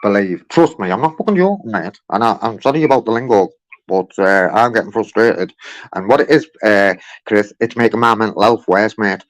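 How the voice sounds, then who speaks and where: A man's voice: fairly low pitch, lively intonation, fairly quick, poor audio. A frustrated man complaining to a call centre on the phone from his car, repeating himself and calling the agent mate. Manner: frustrated, repetitive, keeps saying mate.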